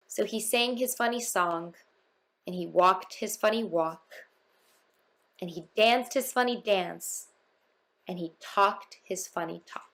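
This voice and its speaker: A woman's voice: mid-range voice, slow, fairly bright tone. A woman narrating a rhyming children's storybook in a lilting, rhythmic reading.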